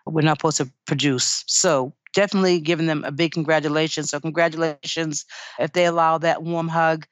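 A woman's voice: low voice, steady tone, fairly quick, no echo. A woman midwife giving earnest, encouraging advice in a podcast interview, often saying "you know". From United States. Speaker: midwife guest.

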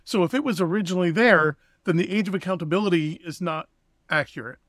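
A man's voice: high-pitched, quick pace, a bit bright, dry recording, clean studio sound. A man co-hosting a casual discussion podcast, reasoning his points aloud in a loose, conversational way. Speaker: podcast co-host.

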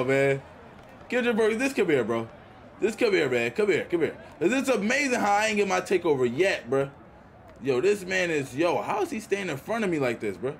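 A man's voice: high voice, gravelly, slight background noise. Hyped young man trash-talking over gameplay. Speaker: gaming YouTuber. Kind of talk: casual gameplay commentary.

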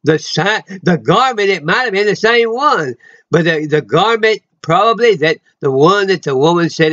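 A man giving an informal, rambling sermon he records himself, full of emotional asides and sudden loud exclamations. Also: high-pitched, animated, moderate pace, dull audio. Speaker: preacher.

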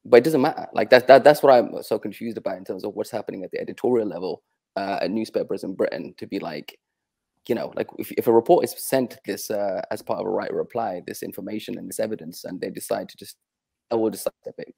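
A man answering interview questions as a guest journalist, halting and repeating words as he works through his point. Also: lowish voice, creaky, darkish tone, breathy edge.

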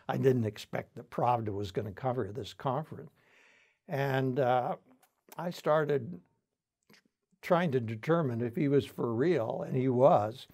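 A man's voice: medium pitch, measured pace, vocal fry, a little mellow. An older man telling stories in an oral history interview, reflective, with frequent fillers and restarts. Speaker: interviewee, founding center director.

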